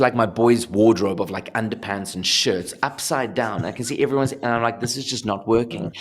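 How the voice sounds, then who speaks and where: A young man with a South African accent tells stories with energy. He talks casually and laughs between points. His voice sits in the middle range. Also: medium pitch. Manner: animated storyteller, laughing, acting out voices. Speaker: actor, interview guest. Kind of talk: casual interview talk.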